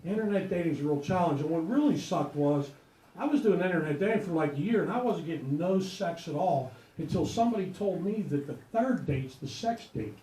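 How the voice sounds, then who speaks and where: A man's voice: on the high side, animated, fairly quick, mellow. A man performing a crude stand-up comedy set, telling rowdy stories with punchlines. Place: comedy club stage before a live audience. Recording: echoey club with audience laughter.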